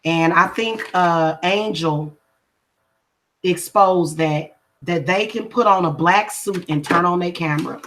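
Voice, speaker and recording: A woman's lowish, fairly bright voice comes slowly, with a little background hiss or hum. She's a spiritual reader who does spellwork, speaking casually yet confrontationally to livestream viewers and emphatically repeating her points.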